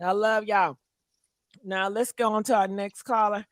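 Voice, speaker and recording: A woman hosting a call-in talk show, loud, profane and sassy, laughing often. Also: mid-range voice, steady tone, unhurried, dry recording, clean studio sound. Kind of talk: casual call-in chat.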